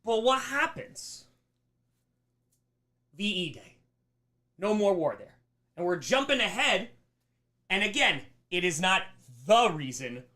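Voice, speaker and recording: A man teaching a live history lesson on a stream, emphatic and animated, slipping into mocking voices. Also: high-pitched. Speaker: history teacher on a charity livestream.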